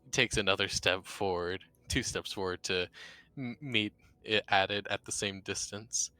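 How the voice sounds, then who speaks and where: A man casually narrating his character's moves in a tabletop game. His voice sits fairly low with a bright, forward tone. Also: normal speed, clear, resonant tone. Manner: third-person narration, casual. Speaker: player.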